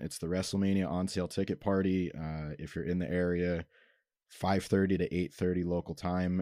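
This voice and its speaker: A young man interviews a guest in a very deep voice. His questions wander and are full of fillers. The sound is dry and close. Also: a little mellow, no room sound. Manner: rambling questions with many fillers. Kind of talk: casual interview.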